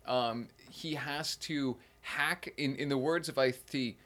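A man co-hosting a casual podcast, retelling a film with animated, mocking asides and laughs. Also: mid-range voice, slow pace. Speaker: podcast co-host. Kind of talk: casual movie-recap chat.

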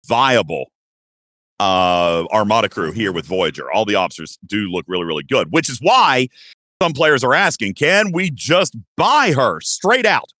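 A man in his thirties hosting a casual podcast, animated and playful, often jumping way up in pitch when he gets excited. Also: no room sound, studio quality. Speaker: podcast host.

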